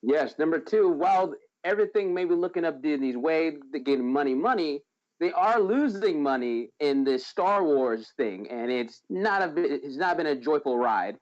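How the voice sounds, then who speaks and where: A man's voice: fairly high pitch, expressive, moderate pace. A man giving movie news updates on a podcast in a loose, informal way. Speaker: podcast co-host reading news. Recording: dull lo-fi audio.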